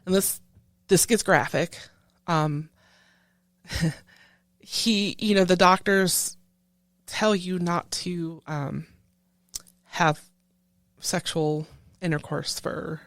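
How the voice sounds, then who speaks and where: A woman who is a military veteran, telling a painful personal story in an interview in halting speech full of restarts. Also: on the low side, fairly even intonation, dry recording. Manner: halting, with many restarts, recounting a painful memory. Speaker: veteran guest.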